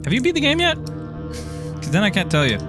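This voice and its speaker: A high-pitched man from Ireland talks loosely through a live game stream. He rambles, gets excited, swears freely and stumbles over his words. Soft music plays faintly behind him. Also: normal speed. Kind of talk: casual live-stream chat while playing.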